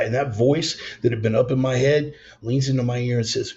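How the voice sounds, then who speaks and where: A man's voice: medium pitch, fairly even intonation, fairly quick, hardly any pauses, darkish tone, slight background noise. A man preaching a raw, profane storytelling sermon, blunt and intense. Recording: slightly dull lo-fi sound.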